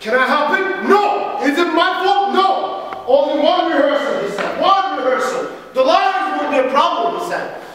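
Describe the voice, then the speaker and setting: A touchy young actress who bristles at everyone, played by a woman on stage. Her high voice snaps and sulks in turn. The recording is distant, with long reverb around it. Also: animated, moderate pace, fairly bright tone, slight background noise. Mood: indignant. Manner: sulky, snappish. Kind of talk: amateur stage play. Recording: echoey hall from far off.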